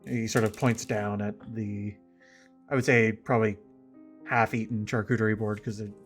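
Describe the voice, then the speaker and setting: A man narrating a tabletop game as game master, easygoing and halting, with frequent laughs. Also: lowish voice, level tone, soft background music.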